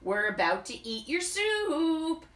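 A woman's voice: high-pitched, sing-song, slow, fairly bright tone, echoey room, distant mic, pitched above the performer's own voice, heavily acted. A woman voicing a bossy young friend who gives urgent commands.

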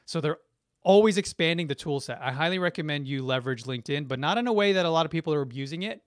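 A man's voice: mid-range voice, fairly bright tone, no room sound, clean studio sound. A middle-aged man, a branding expert, enthusiastically answering viewer questions on a live stream, speaking effusively and often restarting his sentences. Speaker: branding and marketing expert guest. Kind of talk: live-stream Q&A reading chat comments.

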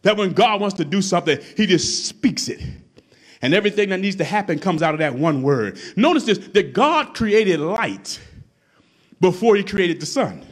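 A man preaching a sermon from the pulpit, his voice sitting high and leaping around in pitch. He repeats phrases for emphasis and pushes up into shouts as he builds. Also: very animated, moderate pace, breathy edge. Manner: preaching with rising shouts and repetition. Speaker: pastor.

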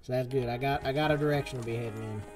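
A man streaming a western game live, chatting casually and swapping swear words for softer ones. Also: mid-range voice, fairly even intonation, very fast. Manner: chatty, swaps swears for "fudge". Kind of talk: live gameplay commentary. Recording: game music behind the voice.

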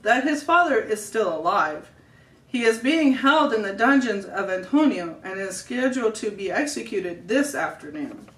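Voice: mid-range voice, big pitch swings, moderate pace, fairly bright tone. A family reader playing a stern Roman officer who speaks in a stiff, formal way. It is a storybook read-aloud voice. The room is roomy, and the mic is distant.

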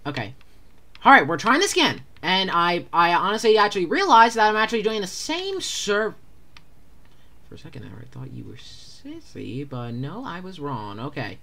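A gamer giving casual commentary while playing a horror game, stammering and panicking, repeating words in rapid bursts. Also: medium pitch, huge pitch swings, vocal fry, pushed and bright.

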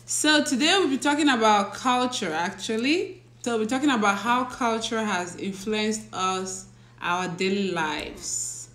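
This teacher hosts a casual livestream in a fairly high, slightly bright voice, with a roomy sound. She talks slowly and chattily, laughs often, and reads viewers' names aloud to welcome them, all captured on a phone or laptop.

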